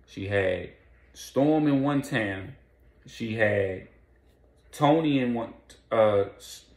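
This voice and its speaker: A man recaps a crime saga in a relaxed, slangy storyteller's voice. His low, gravelly tone carries through an echoey room, and he snaps into quick quoted lines between stretches of narration. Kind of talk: casual spoken recap.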